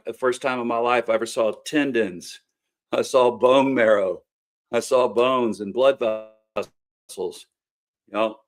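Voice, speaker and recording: Running for local office and hosting a show, a middle-aged Kentucky man delivers casual campaign talk to camera. He spins folksy stories earnestly and plainly, in a medium-pitched voice that's a bit bright.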